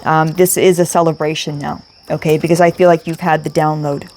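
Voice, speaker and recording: A woman's voice: low-pitched, level tone, fairly quick, darkish tone. A woman giving an emotional spiritual tarot reading, speaking emphatically, repeating herself and swearing casually. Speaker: tarot reader.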